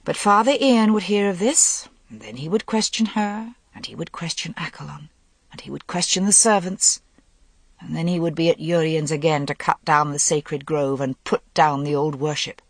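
A woman reading a novel aloud in a measured, dramatic audiobook narration. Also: deep voice, dry recording.

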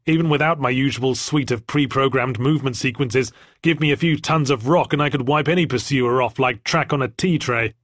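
A man's voice: mid-range voice, brisk, fairly bright tone, no room sound. A man narrating an audiobook in the first person with a dry, wry storytelling manner.

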